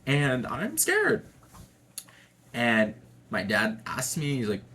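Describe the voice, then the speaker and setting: A man's voice: mid-range voice, huge pitch swings, slow, sharp tone. A young adult man telling a personal story to camera in a casual, chatty way, swearing freely and laughing often. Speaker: vlogger.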